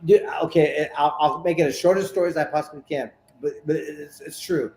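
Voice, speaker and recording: High-voiced man telling a boxing story. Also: brisk, echoey room. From Sacramento, California. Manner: animated storyteller, repeats words while talking. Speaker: interview guest, former boxer. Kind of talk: casual storytelling interview.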